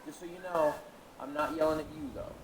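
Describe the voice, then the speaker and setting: A man doing a brash stand-up comedy routine on stage, animated and loud at times. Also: a little high, fairly quick. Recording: echoey venue with noise.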